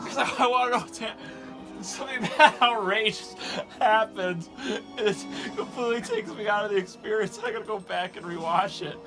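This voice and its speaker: A high-voiced man chats through a movie review, laughing and exasperated as he reacts. His talk is loose and full of swearing. A film soundtrack plays clearly behind him. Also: normal speed, over music. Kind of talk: casual chat while watching a film. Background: film soundtrack playing.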